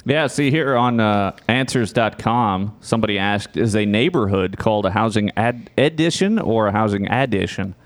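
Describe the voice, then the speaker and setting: A man hosting a podcast, bantering quickly and joking in casual chat. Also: fairly low pitch, no echo. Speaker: podcast host.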